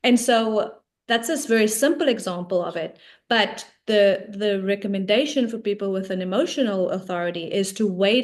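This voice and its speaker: A woman coach, a guest on an interview show, explaining ideas in a casual, talkative way, often checking in with "right?". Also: mid-range voice.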